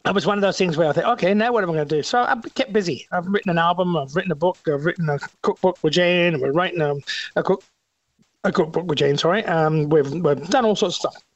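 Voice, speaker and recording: Older aussie guest musician, fast, high-pitched, rambling restarts, dry sound. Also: male voice, dry recording, dull audio. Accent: Australian. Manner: eager, rambling, many restarts. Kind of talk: radio interview chat.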